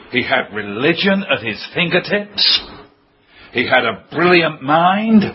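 A man preaching a sermon, emphatic and declaiming key phrases loudly. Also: medium pitch. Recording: dull lo-fi sound with faint noise.

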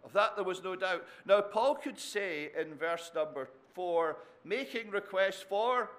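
A man's voice: high voice, unhurried, a bit bright. A man preaching an expository sermon, often turning points into tag questions and adding dry humor.

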